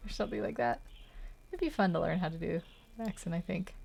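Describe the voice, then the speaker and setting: A woman with a lowish voice and a gravelly, fry-touched edge chats as she draws. She thinks out loud, hesitates often and laughs lightly at her own choices. The talk is casual and unscripted, aimed at viewers watching her sketch. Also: fast talker. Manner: hesitant, thinking aloud, frequent little laughs. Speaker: artist streaming a drawing session. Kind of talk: casual chat while drawing.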